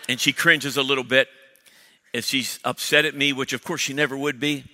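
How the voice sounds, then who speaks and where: Energetic pastor in a big echoing hall. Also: male voice, mid-range voice, moderate pace. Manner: energetic, joking, frequent restarts. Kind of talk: sermon announcements. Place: large church auditorium. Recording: long church hall reverb.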